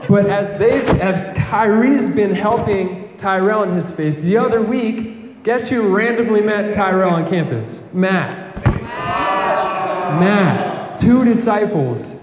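A young man giving a conversational campus sermon, telling a lively personal story and often asking "right?". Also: high-pitched, echoey room, in a large hall, noisy background. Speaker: campus ministry speaker.

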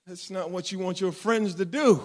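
A middle-aged man preaching a sermon, swinging between fervent shouting and hushed, joking asides. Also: sits high, moderate pace. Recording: long hall reverb.

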